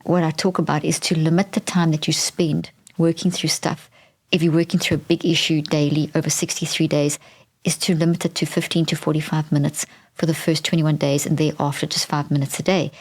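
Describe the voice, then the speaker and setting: A woman with a low voice carries a podcast on her own. She explains in an earnest way, often repeating a word or starting a sentence over as she works through her point. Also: level tone, a little fast. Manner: earnest, repeats words and restarts while explaining. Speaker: podcast host.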